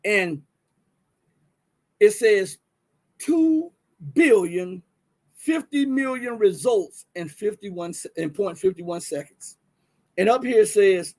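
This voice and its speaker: A man's voice: high voice, measured pace, pauses often. A man with a Southern US accent hosting a casual livestream, talking straight to viewers and reading from his screen with many restarts. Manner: animated, talks to viewers directly, many restarts and fillers. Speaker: livestream host.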